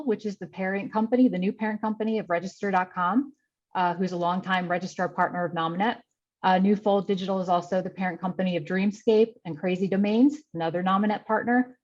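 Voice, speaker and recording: A woman reads a prepared candidate statement in a formal, methodical way, going through her experience point by point. Her voice is on the low side, and the audio is muffled. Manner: formal, methodical, listing credentials. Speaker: candidate for advisory council.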